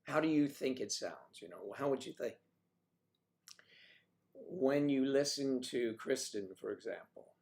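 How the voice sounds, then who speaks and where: A man hosting a casual livestream chat, joking with callers and clearing his throat now and then. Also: mid-range voice, animated, a little slow, long pauses, darkish tone. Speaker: livestream host.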